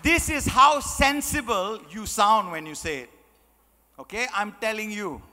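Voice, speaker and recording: A guest speaker delivers an emphatic motivational speech, repeating key phrases and posing rhetorical questions to the audience. His voice sits high, bright and forceful, with lively intonation and a measured pace, under long hall reverb.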